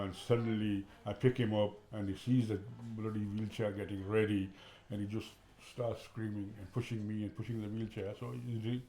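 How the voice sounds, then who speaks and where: A man, a father and carer, speaking in an interview in a halting way and often saying "you know". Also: fairly low pitch, a little mellow.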